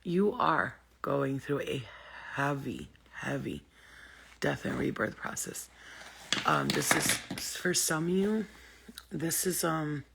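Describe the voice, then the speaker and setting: Her pitch sits extremely low, with vocal fry and an unhurried pace, and there's a little hiss or hum behind her. On her spiritual livestream she chats casually and profanely, staying blunt and lively while welcoming viewers in the middle of her talk.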